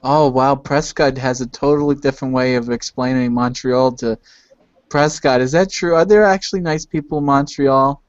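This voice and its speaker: A man with a mid-pitched voice hosts a casual chat. He keeps asking curious questions and often trips over his words. The sound is dry and dull. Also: steady tone, normal speed, no room sound.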